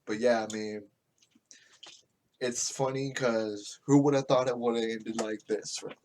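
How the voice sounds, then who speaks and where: A man's voice: mid-range voice, level tone, normal speed, darkish tone, a little hiss or hum. A man from the United States hosting a podcast, ranting casually with lots of swearing, restarts and rambling asides. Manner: profane, rambling, with frequent restarts. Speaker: podcast host. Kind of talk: casual political rant.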